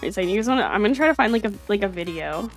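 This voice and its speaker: A woman's voice: mid-range voice, racing. A woman chatting casually on a live stream, rambling with lots of fillers over faint background music. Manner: rambling, filler-heavy, animated.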